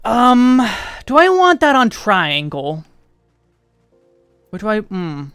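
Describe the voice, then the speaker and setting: American man streaming, high clear voice. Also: wildly swooping pitch, slow pace, pushed and bright, dry recording, faint music behind. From United States. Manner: chatty, thinks aloud, trails off. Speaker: game streamer. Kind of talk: casual livestream chat while playing.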